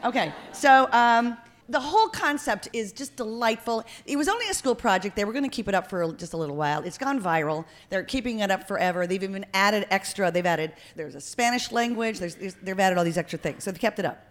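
A woman hosting a comedy podcast, animated and jokey in her banter. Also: mid-range voice, a little fast. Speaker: host.

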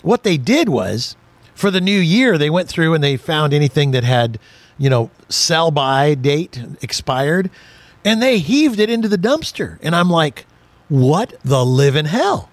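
Animated older man telling a jokey story. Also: fairly high pitch, a little slow, dry recording. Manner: jokey, storytelling, laughs often. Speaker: radio car show host. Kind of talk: casual chat.

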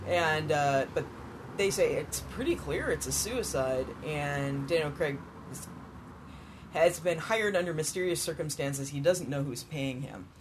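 A man's voice: a little high, expressive, measured pace, a little hiss or hum. Male podcast co-host, casual, laughs a lot, a bit worn out. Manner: enthusiastic, laughs often while talking. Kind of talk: casual chat.

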